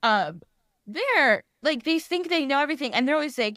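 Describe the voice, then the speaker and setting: A woman talking as a podcast guest in casual chat, rambling and animated, often laughing and acting out quoted voices. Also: high voice, normal speed, no room sound, studio quality.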